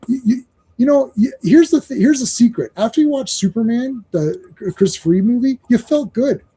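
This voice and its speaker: A man's voice: extremely high pitch, expressive, moderate pace, mellow, husky. A man co-hosting a comics podcast, ranting in casual chat, swearing and acting out quotes in voices. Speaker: podcast co-host.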